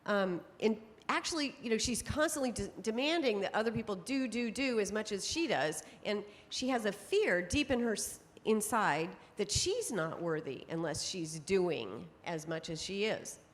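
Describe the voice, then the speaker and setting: A middle-aged woman giving a conference talk to an audience, telling stories in a lively way and laughing often. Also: medium pitch, normal speed, few pauses. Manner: lively storytelling with frequent laughs. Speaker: speaker on temperament psychology. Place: conference hall. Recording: long hall reverb.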